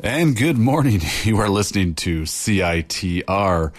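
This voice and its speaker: A man's voice: lowish voice, animated, measured pace. A young man hosting a campus radio show, announcing in an upbeat, mock-grand way. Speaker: radio host.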